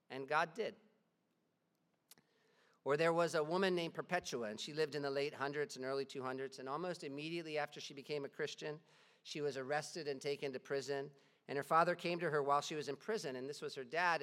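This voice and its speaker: Male preacher, earnest storyteller with casual phrasing, slightly high voice. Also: fairly bright tone, in a large hall. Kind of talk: sermon.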